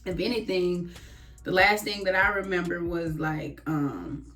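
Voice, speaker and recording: A woman's voice: lowish voice, unhurried, a bit bright, faint music behind. A woman guest, in a casual personal chat, speaking openly and reflectively with many fillers.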